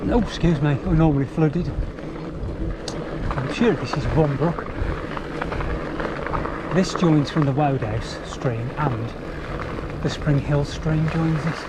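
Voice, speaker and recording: A man's voice: on the high side, slow, pauses often. A man chatting and swearing freely as he rides trails, filmed on a bike camera. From England. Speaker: mountain biker vlogger. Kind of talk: casual spoken commentary while riding. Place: outdoors on country trails. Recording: outdoor camera mic with noticeable wind and traffic noise.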